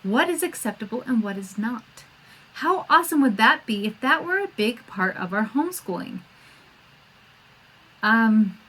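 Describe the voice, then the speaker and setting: Middle-aged woman doing a homeschool podcast, chatty and lively, acts out little quotes. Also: fairly high pitch, slightly rough. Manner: chatty and animated, acting out quoted voices. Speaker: podcast host and homeschool coach. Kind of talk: casual podcast talk.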